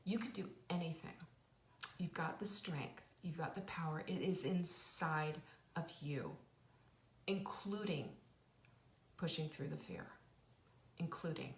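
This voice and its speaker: A woman's voice: sits low, measured pace, pauses often, reverberant, slight background noise. A woman hosting a live stream, telling a personal story and urging viewers on with emotional, faith-filled encouragement. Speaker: host. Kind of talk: motivational live-stream talk.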